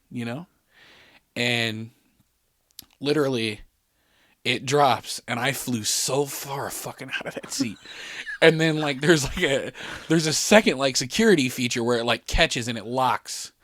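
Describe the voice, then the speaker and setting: A man spins a rambling, swear-filled story on a podcast, laughing as he goes. His voice sits at an ordinary middle pitch, and the sound is dry and close with no room echo. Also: slow, pauses often, fairly bright tone. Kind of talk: casual chat. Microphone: podcast studio mic.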